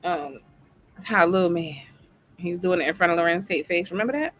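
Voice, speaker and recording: Husky chatty woman hosting. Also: lowish voice, brisk. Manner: chatty and animated, laughs often. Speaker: host. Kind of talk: casual chat.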